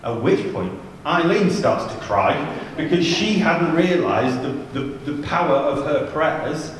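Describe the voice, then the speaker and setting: A man with a higher-than-average, animated voice takes his time telling humorous, chatty stories with asides during a church youth ministry seminar. He is far from the mic in a large, echoing hall, with a little hiss or hum.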